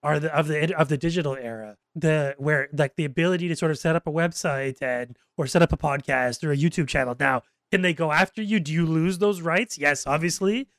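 Man, podcast host, slightly high voice, dry close sound, talks in halting searching bits. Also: fairly bright tone, no room sound. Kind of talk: casual interview questions.

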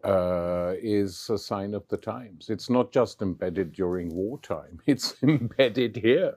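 A man's voice: fairly low pitch, takes it slowly, darkish tone, breathy edge. A man hosting a conversational interview, who mostly gives brief agreeing replies and asks prompting questions. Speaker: interviewer host.

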